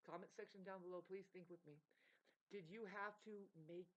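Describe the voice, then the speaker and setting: A woman ranting to her viewers, rambling and swearing as she swings between loud outbursts and low mutters. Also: steady tone, normal speed. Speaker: vlogger. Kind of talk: emotional unscripted rant to camera. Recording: dull lo-fi recording.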